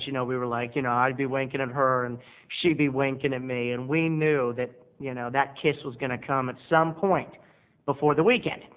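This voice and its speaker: A man's voice: medium pitch, phone-quality sound. A man rambling through a self-mocking comic monologue as a video blogger, talking from his bedroom studio. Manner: rambling, self-mocking, breaks into quoted voices.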